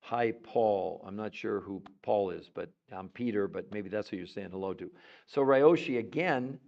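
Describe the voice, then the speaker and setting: A man hosting a live stream, chatting with viewers and greeting them by name in an excitable, animated way, laughing often. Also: lowish voice, normal speed, vocal fry, highs cut off. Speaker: livestream host. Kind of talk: enthusiastic live-stream chat.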